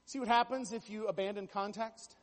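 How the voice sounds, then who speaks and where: A man's voice: sits high, steady tone, a little fast, big-room sound. A man preaching a sermon, telling stories with jokey asides and building to emphatic bursts. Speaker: pastor.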